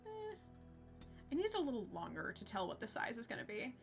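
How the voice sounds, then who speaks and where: A woman's voice: fairly high pitch, wildly swooping pitch, a little fast, creaky, soft background music. A young woman streaming a game, chatting casually with her viewers and laughing often. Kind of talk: casual live-stream chat.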